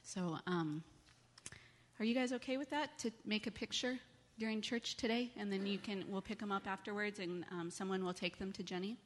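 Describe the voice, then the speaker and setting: A woman giving a children's message in church, speaking gently and coaxing the kids with questions. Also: mid-range voice, normal speed, a little hiss or hum. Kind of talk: children's sermon. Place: church sanctuary. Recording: long church reverb.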